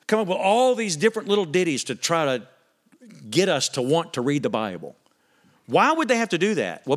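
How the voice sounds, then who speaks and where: Animated, fairly high-voiced male preacher. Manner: animated, emphatic, shifts between loud punchy lines and quiet earnest ones. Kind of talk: sermon.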